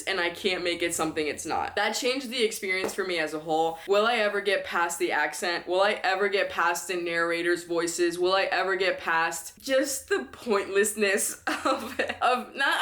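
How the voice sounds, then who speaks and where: A woman's voice: medium pitch, fairly bright tone. A woman in her twenties giving a casual spoken book review, blunt and exasperated, often laughing as she rants. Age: 20s.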